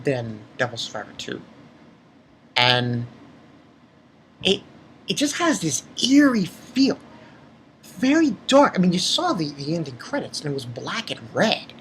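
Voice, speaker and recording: A man's voice: high voice, fairly bright tone, a little hiss or hum. A man giving a casual spoken review of an episode. He rambles, swears freely and often restarts his sentences. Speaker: anime reviewer.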